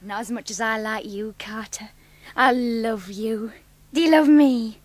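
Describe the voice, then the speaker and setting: A woman's voice: fairly high pitch, a little slow, no echo, natural voice. An actress voicing an eager young woman, coy and chattering. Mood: doting.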